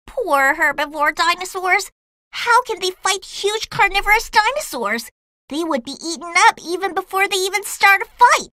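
A woman's voice: very high-pitched, expressive, normal speed, bright, forceful tone, no echo, studio quality, exaggerated voice. A woman voicing a curious young child adventurer in a cartoon, chatty and full of wondering questions. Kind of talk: cartoon voice acting.

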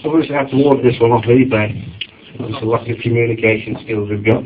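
A man, performing a stand-up routine on a comedy club stage and acting out shouted quotes. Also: mid-range voice, fast talker, heavy background noise. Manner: lively storytelling, acts out shouted quotes. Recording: dull lo-fi club recording.

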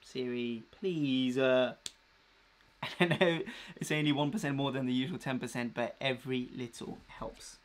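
A man's voice: medium pitch, fairly even intonation, normal speed. A young man chatting casually and rambling with slang while unboxing a new clothing order on a live vlog. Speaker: fashion vlogger.

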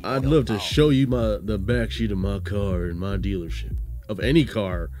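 A man voicing a smooth-talking male rat cowboy from a game, with a Southern American accent and a flirty drawl. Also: lowish voice, moderate pace, music in the background, lightly acted.

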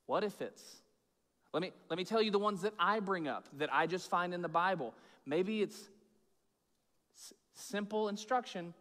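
A man preaching a sermon as pastor, casual and chatty, swinging between loud emphatic bursts and low hushed asides. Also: moderate pace. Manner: informal, chatty preaching with fillers and repeats. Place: church sanctuary with long reverb. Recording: echoey church hall.

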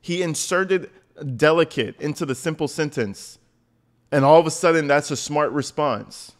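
A man's voice: fairly high pitch, moderate pace. A man giving profane reaction commentary, blunt, crude and mocking.

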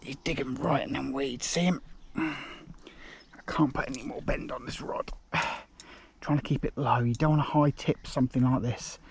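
A man commenting on his own fishing as he fights a fish, excited and muttering, straining with an aching arm. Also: mid-range voice, normal speed, gravelly, slight background noise. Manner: excited, breathless exclamations, muttered asides. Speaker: fishing vlogger. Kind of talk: live commentary while fishing. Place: outdoors by a lake.

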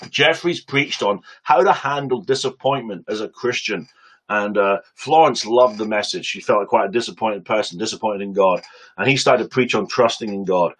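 Guy preaching into a webcam, kinda husky, storytelling vibe. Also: fairly low pitch, low-quality recording. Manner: lively storyteller, acts out quotes, quick asides. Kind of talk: sermon storytelling on a webcam stream.

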